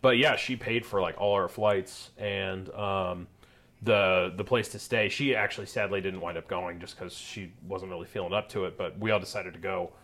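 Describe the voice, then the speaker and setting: Podcast co-host: young man, slightly low pitch, loose and self-deprecating. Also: steady tone, normal speed, a bit bright. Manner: rambling, self-deprecating, lots of fillers. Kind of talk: casual podcast chat.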